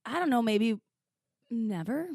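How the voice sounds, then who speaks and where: A woman's voice: a little high, animated, a little slow, vocal fry, a little mellow, no echo, clean studio sound. Bubbly, teasing woman podcast co-host. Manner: bubbly, teasing, laughs often. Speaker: podcast co-host, sex toy industry executive. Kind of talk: casual podcast chat.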